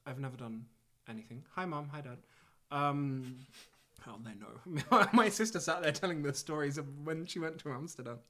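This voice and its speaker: A man's voice: a little high, moderate pace, pushed and bright. Giggly, rambling man hosting a livestream. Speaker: musician hosting a livestream concert. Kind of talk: casual chat. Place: living room music space.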